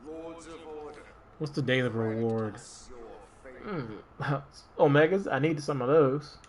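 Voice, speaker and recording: Male streamer from Maryland, relaxed rambling play-by-play. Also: a little high, a little slow. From Maryland, USA. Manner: rambling, relaxed, talks to himself while playing. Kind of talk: casual gameplay commentary.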